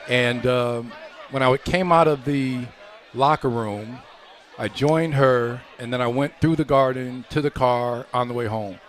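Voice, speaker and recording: A middle-aged man, a former pro basketball player, telling long anecdotes as a guest on a live radio show, relaxed and acting out the voices of people in his stories. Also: mid-range voice. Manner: relaxed anecdotal storyteller, acts out quoted voices. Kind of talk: storytelling in a live radio chat.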